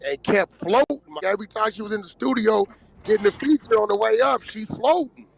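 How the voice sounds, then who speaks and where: High, gravelly man telling stories. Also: brisk, slight background noise. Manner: slangy, storytelling, loose and conversational. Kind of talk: casual podcast chat.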